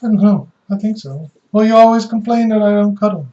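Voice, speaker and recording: A man's voice: high-pitched, a little fast, warm tone. A man from the Netherlands, co-hosting a casual couple chat with blunt, dry teasing. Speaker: co-host, husband. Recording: dull lo-fi home video with noise.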